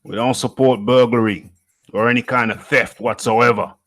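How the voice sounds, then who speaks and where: A man's voice: medium pitch, fairly even intonation, normal speed, a bit bright, soft background music. A man from the UK hosting a live show, reading out the chat in a playful, repetitive way and chuckling often. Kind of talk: casual live-stream chat.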